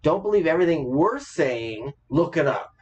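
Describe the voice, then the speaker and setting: A man's voice: on the high side, animated, moderate pace, a little mellow, breathy edge, dull audio. A man co-hosting a podcast, chatting casually as an opinionated storyteller who swears freely. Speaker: podcast co-host. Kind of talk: casual chat.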